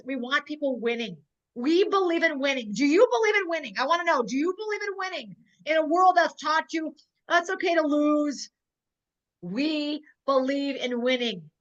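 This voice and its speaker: Hosting a sales webinar, a woman from North Dakota delivers a fervent motivational pitch in a high, bright, sharp voice, repeating her rallying lines. She sounds emotional and close to tears. The audio has the muffled, lo-fi quality of a video call.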